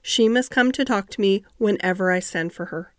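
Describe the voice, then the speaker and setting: A woman reading the part of a sickly, imperious ten-year-old boy in a soft, commanding voice. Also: medium pitch, normal speed, no room sound, studio quality, lightly acted.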